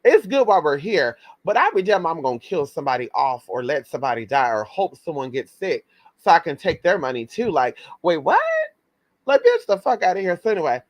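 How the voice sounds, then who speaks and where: A man's voice: fairly bright tone, no room sound. Sassy, profane man telling a story. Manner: sassy, profane, dramatic, jumps into high-pitched quoted voices. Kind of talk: casual storytime monologue.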